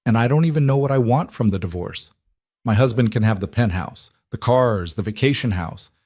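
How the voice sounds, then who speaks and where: A man's voice: medium pitch, animated, brisk, a little mellow, dry recording, natural voice. Worn-out woman boss, strained and pleading, dry close sound , read by a man. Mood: weary. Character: weary exhausted woman executive.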